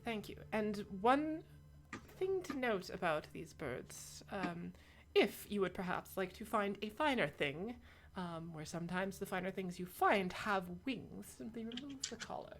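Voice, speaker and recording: A woman voicing a brisk woman shopkeeper who sells birds, businesslike and dryly teasing. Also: medium pitch, lively intonation, a little hiss or hum, voice pushed up.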